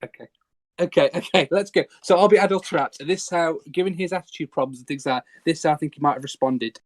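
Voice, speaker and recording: A man hosting a casual podcast chat, hesitant with fillers and quick laughs. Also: fairly high pitch, no room sound. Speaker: podcast host.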